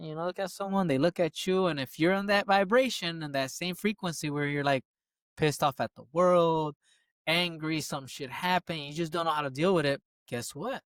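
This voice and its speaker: Guy on a podcast, kinda high voice, dry close sound, swears a lot, repeats stuff for emphasis. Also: no room sound. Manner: animated, swearing freely, repeating phrases for emphasis. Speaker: podcast co-host. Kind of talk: casual chat.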